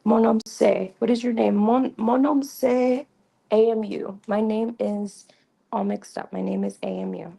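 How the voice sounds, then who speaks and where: A woman teaches a relaxed livestream lesson, talking chattily and repeating each phrase. Her voice is heavily gravelly and husky, with a mellow, dark tone. The mic adds a slight fuzz. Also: medium pitch, measured pace, rough recording. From Creole. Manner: chatty, repeats phrases, frequent ums and restarts. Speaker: livestream host teaching basic French. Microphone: new mic with a fuzzy sound.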